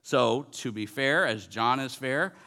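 A forties-aged pastor preaches slowly and earnestly, his mid-range voice carrying a sharp tone. He repeats phrases as he builds to emphatic peaks.

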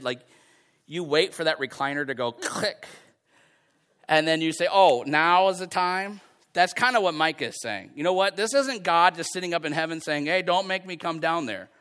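A man's voice: medium pitch, a bit bright, smooth. A man preaching a sermon on a prophet's words, talking in a conversational way and slipping into quoted voices to make his point.

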